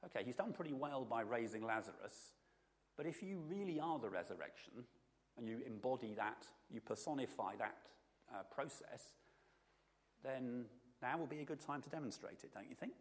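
A man's voice: mid-range voice, expressive, moderate pace, in a large hall. A man giving an informal, conversational sermon to a congregation, often checking in with his listeners. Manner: conversational, asks the audience often. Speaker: preacher.

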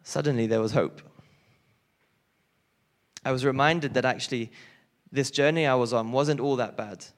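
A man's voice: medium pitch, normal speed, pauses often. A young man giving an earnest personal testimony in a church talk, his voice rising when he stresses a point. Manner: earnest, rises with emotion on key points. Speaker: speaker sharing a testimony.

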